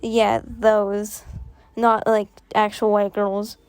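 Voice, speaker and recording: A woman's voice: mid-range voice, little pitch movement, extremely slow, smooth, no room sound, faint music behind. A young woman vlogger giving rambling, sarcastic commentary, full of fillers and restarts. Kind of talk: casual commentary.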